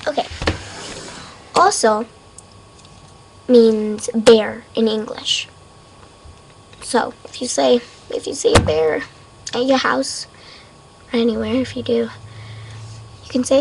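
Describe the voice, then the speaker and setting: A woman of Mexican background giving a casual webcam vocabulary lesson at her desk, unsure of herself and repeating words slowly. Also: fairly high pitch, gravelly, slight background noise, poor audio. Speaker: amateur language teacher. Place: home room at a desk.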